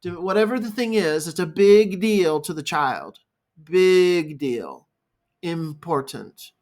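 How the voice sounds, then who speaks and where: A male therapist speaking in a reflective, halting monologue, improvising as he goes. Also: fairly high pitch, animated, a little mellow. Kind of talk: unscripted talking-head monologue.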